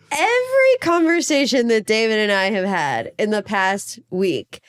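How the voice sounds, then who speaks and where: A young woman co-hosting a casual chat, animated and teasing, laughing often. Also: on the high side, a little slow, few pauses. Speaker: podcast co-host.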